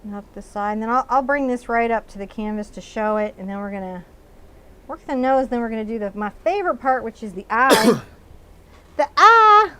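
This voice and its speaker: A woman's voice: a little high, a little fast, clear, resonant tone. Chatty Texan woman teaching painting live. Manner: chatty, narrates each step while painting. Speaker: painting instructor. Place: art studio.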